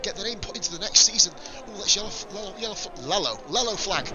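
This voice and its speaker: A young man giving live commentary on an online racing league, excitable and sweary, laughing at crashes. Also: sits high, fast, few pauses, crowd noise, poor audio. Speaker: esports race commentator.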